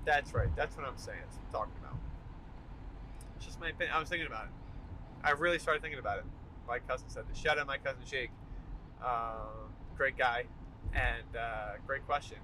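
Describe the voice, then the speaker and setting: A young man hosting a solo podcast from his car during a commute, ranting in an animated, emphatic way. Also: medium pitch, a little fast, pauses often, low-quality recording. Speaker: podcast host. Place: in a car while driving. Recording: faint car noise behind. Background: car road noise.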